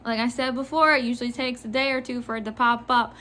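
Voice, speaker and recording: A woman who works in retail telling a casual storytime about a customer, animated and often laughing. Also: on the high side, fast talker. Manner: animated, laughing, mimicking others. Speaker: retail store worker.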